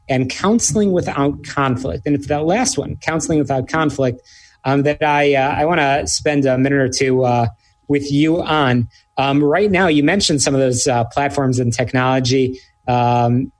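A male business show host running a radio interview in a conversational way, with frequent filler hesitations. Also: mid-range voice.

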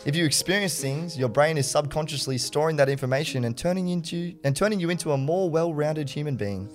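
A man's voice: on the high side, fast, soft background music. A young man, a podcast guest, musing offhandedly about life and laughing mid-sentence. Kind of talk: casual chat.

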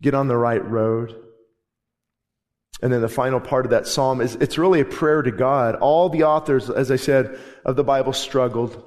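A man's voice: medium pitch, moderate pace. A man preaching a sermon as pastor in a church, fervent and emphatic, hammering home repeated phrases. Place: church sanctuary. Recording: long reverb of a large hall.

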